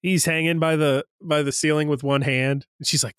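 Animated young man recapping a movie. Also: fairly high pitch, moderate pace, clean tone, no room sound, studio quality. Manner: animated, acts out quoted lines. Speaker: podcast co-host. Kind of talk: casual movie recap chat.

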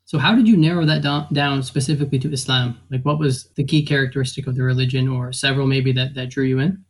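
A man's voice: mid-range voice, fairly even intonation, fast talker. A man interviewing a guest, asking a long follow-up question.

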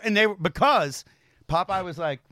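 Animated man jumping in with stories. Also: high-pitched, moderate pace, dry recording. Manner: eager, interrupting storyteller, profane. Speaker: guest podcast host. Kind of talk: casual storytelling chat.

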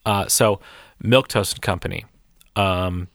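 A man's voice: fairly low pitch, moderate pace, a bit bright, no echo, studio quality. A man co-hosting a music podcast in casual chat, rambling and laughing easily as he reads out a band blurb. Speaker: podcast co-host.

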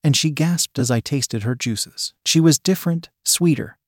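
A man's voice: on the high side, normal speed, no room sound, studio quality. A man reading a first-person story aloud in a plain, conversational way. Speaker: narrator.

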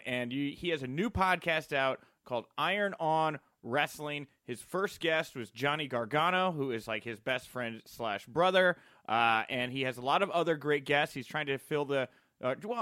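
A man's voice: a little high, a bit bright, no echo, clean studio sound. A young man hosting a wrestling talk podcast, playful and joking in casual chat with his co-host. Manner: playful and jokey, sings his greeting.

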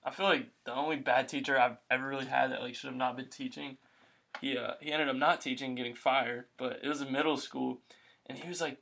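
A man's voice: medium pitch, fairly quick, gravelly. A young man, hosting a casual chat and telling stories with lots of acted-out quotes. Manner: animated storyteller, acts out quotes.

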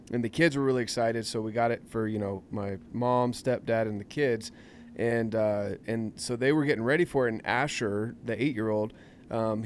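A man in his thirties chatting casually as a podcast co-host, relaxed and thoughtful with rambling asides. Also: medium pitch, a little hiss or hum. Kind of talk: casual chat.

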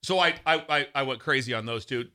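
A middle-aged man hosting a casual talk show, telling a story in an animated, excitable way. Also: mid-range voice, a little fast. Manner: animated, excitable storyteller who shouts quoted lines. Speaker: radio show host.

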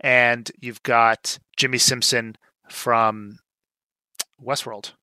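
Young male podcast co-host, bright sharp tone, dry booth sound, easygoing recap delivery. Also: mid-range voice, drawn-out words, clear, resonant tone, no echo. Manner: relaxed, lots of fillers, animated when retelling scenes. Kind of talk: casual movie recap chat.

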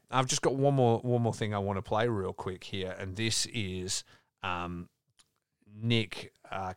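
A man talks casually on a podcast, rambling through a story with plenty of fillers and restarts. His voice sits fairly low, and the recording is dry and close. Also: fairly bright tone, clear, resonant tone, no echo. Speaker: podcast host. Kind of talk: casual chat.

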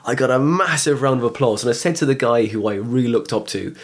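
A man's voice: mid-range voice, fast talker. A man, a comedian guest on a podcast, telling rambling stories with many restarts. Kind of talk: casual podcast chat.

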